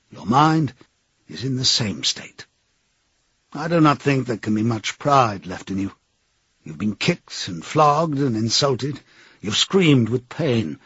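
A man doing a cold, husky interrogator. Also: mid-range voice, no room sound, highs cut off, heavily acted. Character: cold menacing male interrogator, middle-aged.

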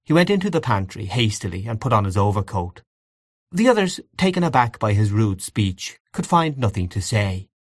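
Low, expressive male audiobook narrator. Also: dry recording, clean studio sound.

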